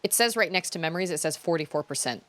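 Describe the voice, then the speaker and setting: Chatty, lowish-voiced woman streamer. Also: quick pace, fairly bright tone. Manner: chatty, self-deprecating, trailing off. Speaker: game streamer. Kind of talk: casual let's-play commentary.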